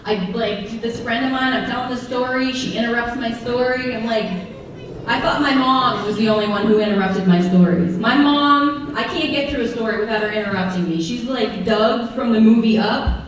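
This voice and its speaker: High-voiced sarcastic woman doing stand-up. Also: normal speed, slight background noise. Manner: sarcastic, animated storytelling. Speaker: stand-up comedian. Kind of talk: stand-up comedy routine. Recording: echoey venue, mic far off.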